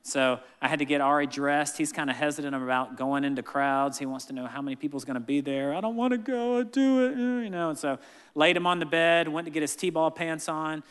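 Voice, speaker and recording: Bright-voiced man preaching in a reverberant hall. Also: on the high side, brisk, smooth. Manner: animated storytelling, acts out family members' voices. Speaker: pastor. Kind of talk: sermon with family stories.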